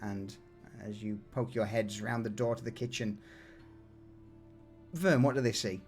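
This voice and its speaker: A man running a tabletop game as game master, narrating a scene in a relaxed way with many fillers. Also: on the low side, measured pace, faint music behind.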